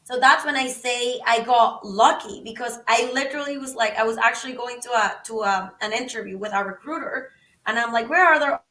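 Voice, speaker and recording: Chatty excited woman, high bright voice, kinda far from the mic in an echoey room. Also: brisk. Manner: animated, excitable, acts out quotes, many "like"s. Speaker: podcast guest. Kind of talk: casual storytelling.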